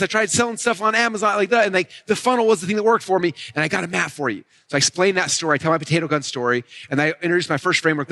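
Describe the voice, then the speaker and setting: A man giving an energetic marketing talk on stage, walking listeners through his method and often checking in with "right?" and "okay?". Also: high-pitched. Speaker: marketing speaker.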